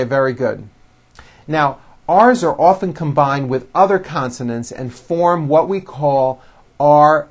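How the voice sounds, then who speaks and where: A man teaching English pronunciation, drilling words slowly and over-enunciating each sound for the listener to repeat. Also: fairly high pitch. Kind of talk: slow, careful drill teaching.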